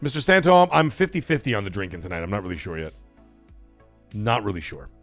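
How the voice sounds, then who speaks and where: A man's voice: on the low side, animated, fast, no echo, faint music behind. A man hosting a casual live stream, rambling, swearing and saying "like" a lot. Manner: rambling, swears, heavy use of "like". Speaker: livestream host.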